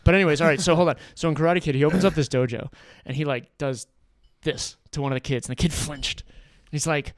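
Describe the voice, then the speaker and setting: An animated man telling stories as a podcast guest, his voice sitting a little high. He acts out the people in his stories as he goes. The sound is close and dry. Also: quick pace, no room sound. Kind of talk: casual storytelling chat.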